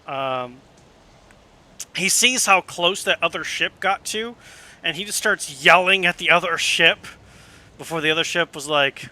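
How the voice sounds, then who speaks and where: A man running a tabletop game with a bright, slightly high voice. He narrates slowly and loosely, dropping fillers and curses as he goes. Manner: loose, casual, with many fillers and swearing. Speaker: game master.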